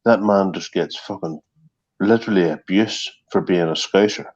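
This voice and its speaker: Low-voiced man rambling. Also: moderate pace, darkish tone. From Northern Ireland. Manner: rambling, profane, many ums. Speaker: stream co-host. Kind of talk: casual online chat. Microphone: online voice call. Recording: dull lo-fi call audio.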